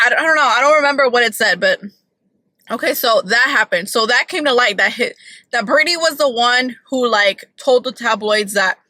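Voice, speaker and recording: A woman's voice: a little high, sharp tone, no echo, poor audio. A woman vlogging from her car, chatting casually and opinionatedly about celebrity gossip with lots of "like".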